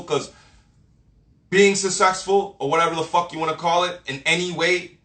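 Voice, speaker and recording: A man's voice: sits high, pushed and bright. A man delivering a blunt motivational rant full of swearing and street slang, lecturing the listener directly. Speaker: motivational vlogger. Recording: echoey room.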